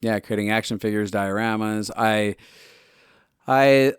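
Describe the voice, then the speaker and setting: A man's voice: lowish voice, steady tone, a little slow, smooth, no echo, clean studio sound. A man co-hosting a podcast, speaking thoughtfully in casual chat and often searching for his words. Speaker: podcast co-host.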